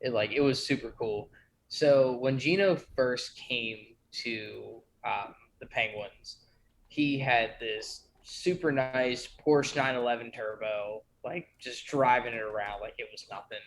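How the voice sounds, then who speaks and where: A man's voice: medium pitch, a little slow, slight background noise. Chatty man telling a story. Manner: storytelling, excitable. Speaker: podcast co-host. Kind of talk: casual chat.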